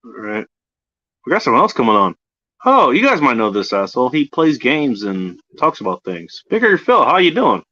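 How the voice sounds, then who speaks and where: Laid-back guy hosting a stream, swears a lot, bright voice, kinda muffled lo-fi audio. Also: medium pitch, huge pitch swings, normal speed. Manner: profane, easygoing, laughs often. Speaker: livestream host. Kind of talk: casual stream chat.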